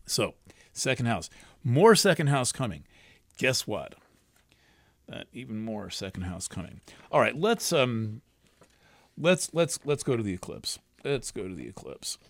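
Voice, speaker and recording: A man's voice: medium pitch, sing-song, a little slow, no room sound. A man giving a casual astrology talk, rambling and emphatic, often restarting and cursing freely.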